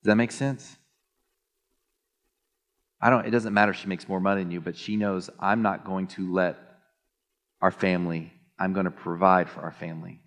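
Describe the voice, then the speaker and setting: A male pastor preaching a sermon in an animated, joking way, often mimicking others in a high voice. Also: normal speed, pauses often. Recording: long hall reverb.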